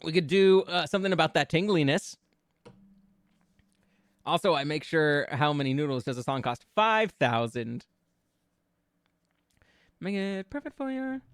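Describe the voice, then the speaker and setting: A male VTuber chats with his viewers in a light, high voice, giggling often and stumbling over restarts as he riffs on ideas. The sound is dry and close, with no room around it. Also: expressive, moderate pace, pauses often, fairly bright tone, dry recording. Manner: giggly, playful, riffs with chat on lyrics; stammering restarts while brainstorming. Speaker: VTuber streamer. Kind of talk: casual live-stream chat.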